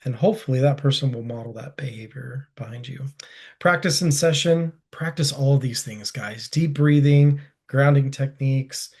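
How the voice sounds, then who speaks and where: Male webinar presenter, warm mellow tone, easygoing and chatty. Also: medium pitch. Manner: relaxed, conversational, frequent fillers.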